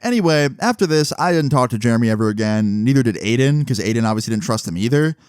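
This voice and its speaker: A young man casually telling a personal story to his viewers, animated and swearing often, with frequent rhetorical asides. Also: medium pitch, fast, clean tone, no room sound, clean studio sound. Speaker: storytelling vlogger.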